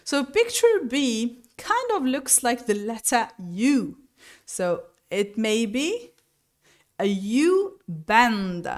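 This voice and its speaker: A woman teacher explaining English vocabulary and pronunciation slowly and deliberately, sometimes correcting herself. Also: on the high side, big pitch swings. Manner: slow and deliberate, spelling out each word with self-corrections. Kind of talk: recorded lesson explanation.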